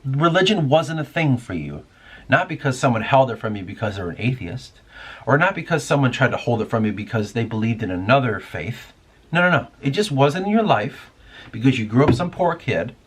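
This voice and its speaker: Male host, mid-pitched and a little raspy, loose profane monologue, thinking out loud. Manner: rambling, profane, musing aloud. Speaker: podcast host. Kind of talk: casual spoken monologue.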